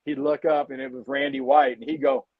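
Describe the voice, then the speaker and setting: A man's voice: mid-range voice, flat delivery, brisk, creaky, no echo, narrow, tinny audio. A man in his sixties, a former football player guesting on a talk show, telling blunt, candid stories. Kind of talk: casual interview chat.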